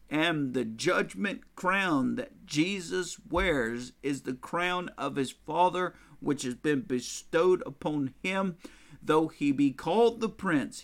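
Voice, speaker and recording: A man preaching a sermon in an earnest way, stumbling and repeating words, swinging from hushed lines to loud exclamations. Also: fairly high pitch.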